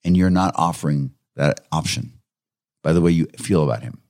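A man, a counselor, telling anecdotes about his clients in a lively conversational way, often chuckling. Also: a bass voice, fairly quick, no room sound, studio quality. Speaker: counselor who works with clients. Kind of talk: conversational interview storytelling.

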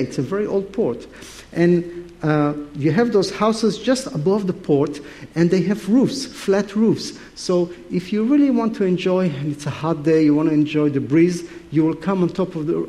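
A male preacher delivers a sermon, his voice sitting a little high. He tells the story with animated, playful energy and talks straight to the congregation.

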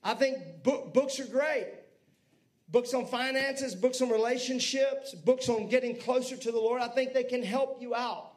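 High-voiced preaching pastor. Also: male voice, a little slow. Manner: lively preaching with asides to the congregation. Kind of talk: sermon.

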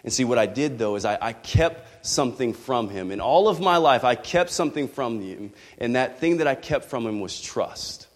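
A man's voice: mid-range voice, lively intonation, moderate pace, hardly any pauses, in a large hall. A man preaching a sermon, telling a candid personal story with rising passion.

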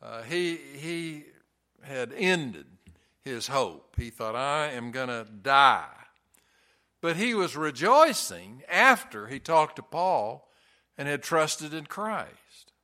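A man's voice: on the high side, sharp tone. A man preaching a sermon in a church, earnest and folksy, telling stories with touches of humor. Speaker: pastor.

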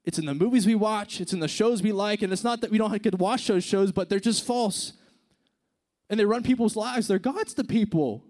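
A man preaching a casual, conversational sermon, dropping to hushed tones and rising to emphatic points. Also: high voice, fairly quick.

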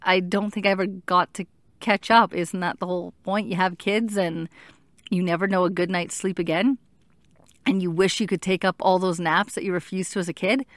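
A woman's voice: on the low side, fairly even intonation, normal speed, no room sound. A woman in her thirties telling her own story in a candid, reflective, self-questioning way. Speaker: mother sharing her experience. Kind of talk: personal storytelling, casual.

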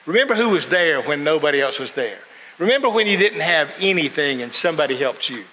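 A man's voice: a little high, very animated, fast, sharp tone. A man preaching a sermon, telling stories and acting out the voices of people he quotes. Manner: storytelling, acts out quoted voices. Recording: long hall reverb, faint noise.

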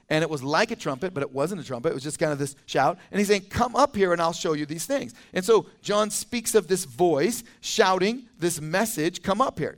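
A man with a notably high-pitched voice preaches a verse-by-verse sermon. He talks in a relaxed, conversational way and drops in lively asides between readings. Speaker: teaching pastor. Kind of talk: expository sermon. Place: church.

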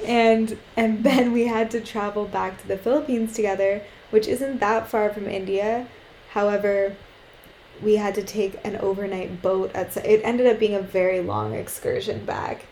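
A young woman co-hosting a podcast, talking frankly and acting out the lines of people in her story. Her voice is mellow and dark. The room is echoey, with a faint hiss behind her. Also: medium pitch, fairly even intonation, moderate pace. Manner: candid storytelling, swears freely, acts out quotes. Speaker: podcast co-host. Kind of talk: casual chat.

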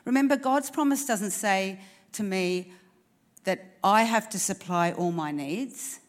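A woman's voice: medium pitch, a little slow. A woman preacher giving an earnest, encouraging sermon at a church service, asking the congregation questions.

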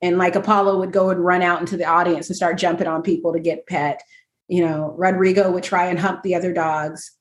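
A woman's voice: lowish voice, little pitch movement, fairly quick, echoey room. A woman chatting casually as a guest, self-deprecating and laughing often as she talks. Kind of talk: casual chat.

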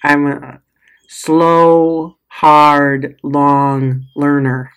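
A woman's voice: low-pitched, flat delivery, extremely slow, clear, resonant tone. A middle-aged woman giving a casual motivational talk as a coach, emotional, sighing and laughing often. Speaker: coach or healer with clients.

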